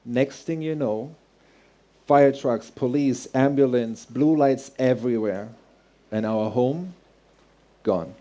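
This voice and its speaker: A man's voice: medium pitch, slow, long pauses, mellow. A man telling a personal story on stage, earnest and heartfelt, in vivid present tense. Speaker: speaker.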